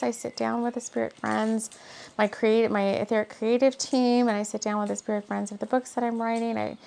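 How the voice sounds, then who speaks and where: A woman's voice: mid-range voice, vocal fry. A woman hosting a casual spiritual talk and tarot reading, rambling and chatty with frequent laughs and fillers. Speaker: spiritual host and tarot reader.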